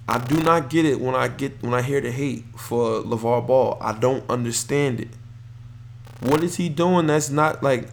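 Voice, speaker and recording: A young man hosting a podcast, talking casually and excitedly about basketball, rambling with lots of fillers and restarts. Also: mid-range voice, gravelly. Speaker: podcast host. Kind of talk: casual solo sports talk.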